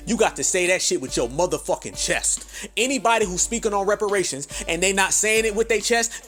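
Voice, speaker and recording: A man with a high-pitched voice rants on his podcast, cursing freely and hammering every point. He keeps calling his listeners family, and faint music sits behind him. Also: fairly bright tone. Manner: profane, emphatic, addresses listeners as family. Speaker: podcast host. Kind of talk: ranting commentary.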